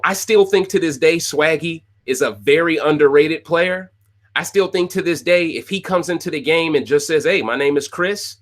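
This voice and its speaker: A man delivers a casual, opinionated rant to his viewers, repeating his points for emphasis. His voice sits a bit high for a man. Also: a bit bright. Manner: opinionated, repeats phrases, talks to viewers directly. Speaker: podcast host recapping a reality show.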